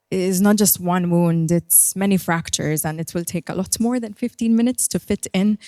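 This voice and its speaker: A woman's voice: fairly low pitch, warm tone, dry recording, clean studio sound. A woman giving a personal keynote talk as a coach, speaking in an earnest, reflective way and guiding the audience through breathing.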